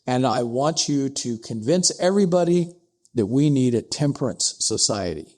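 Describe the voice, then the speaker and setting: A man narrating a frontier tale for a podcast in a voice of middle pitch. He acts out each exchange, jumping up high for the surprised lines and dropping low for the curt replies. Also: sing-song, normal speed, darkish tone. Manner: acts out dialogue with pitch jumps, asides like "I'm paraphrasing". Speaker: podcast guest, distillery co-founder. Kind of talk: animated historical storytelling.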